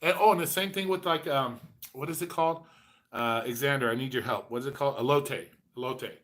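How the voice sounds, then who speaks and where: A man's voice: medium pitch, steady tone, fairly quick, fairly bright tone. Male host, forties, casual, foul-mouthed, rambling chat delivery. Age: 40s. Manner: profane, rambling storyteller.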